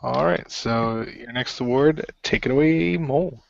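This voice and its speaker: A man's voice: mid-range voice, measured pace, vocal fry, background noise. A man hosting a casual wrestling chat, moving things along hesitantly with many fillers. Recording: dull dry lo-fi audio.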